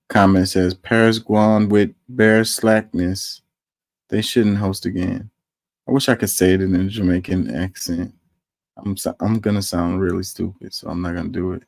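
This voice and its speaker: A man with a lowish voice talks casually through a news story. He reads viewer comments aloud and asks animated rhetorical questions. The sound is dry and close. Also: normal speed, creaky, no room sound.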